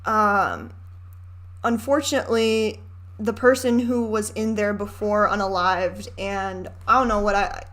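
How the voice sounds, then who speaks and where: A woman's voice: mid-range voice, steady tone, measured pace, a bit bright. Chatty young woman reacting to a film. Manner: chatty and candid, swears and rants with laughs. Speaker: reaction video host. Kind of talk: casual commentary over a film.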